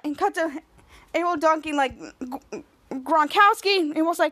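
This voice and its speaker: High-voiced woman recapping a show. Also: moderate pace, a bit bright. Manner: retells scene by scene, quoting characters. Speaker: podcast host. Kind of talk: casual episode recap.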